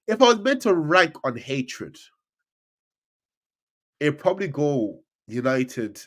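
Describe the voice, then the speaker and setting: A man chatting casually about football as a podcast co-host, animated and full of stammered restarts. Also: a little high, slow. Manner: animated, stammering restarts, swings loud and soft.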